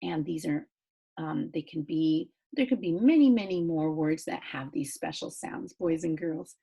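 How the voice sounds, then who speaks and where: A woman teaching an online phonics lesson to young children, sing-song and encouraging, spelling letters out slowly. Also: sits low, vocal fry, dark tone, slightly rough. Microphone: computer mic, screen-share recording.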